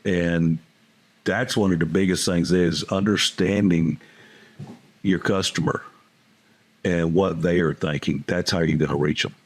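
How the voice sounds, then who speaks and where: A man's voice: low voice, fairly even intonation, a little slow, pauses often. A man who works as a business coach, talking in a plainspoken, folksy way and telling stories from his coaching calls. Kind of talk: casual interview talk.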